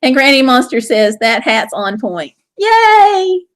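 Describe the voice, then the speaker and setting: Woman, Southern US accent, casual live stream host, high-pitched, cheerful, reads chat comments. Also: normal speed, fairly bright tone. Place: home.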